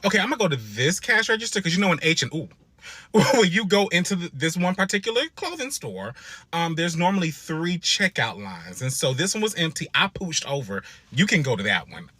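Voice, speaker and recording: Sassy, animated man telling a story. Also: fairly quick, husky, no echo. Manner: expressive, sassy, swoops into high exclaims.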